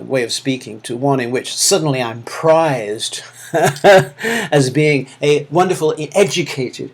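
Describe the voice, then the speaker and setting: Male lecturer, Manchester accent, halting delivery full of ums and uhs, mid-range pitch. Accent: Manchester English. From England. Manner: hesitant, many fillers and restarts. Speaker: university lecturer. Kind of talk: recorded lecture feedback.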